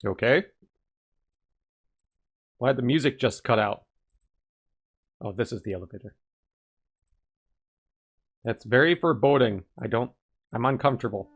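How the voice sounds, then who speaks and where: A man casually commenting on a video game as he plays, joking and animated, often laughing. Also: medium pitch, normal speed, pauses often, breathy edge. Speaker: gaming channel host. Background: faint game music.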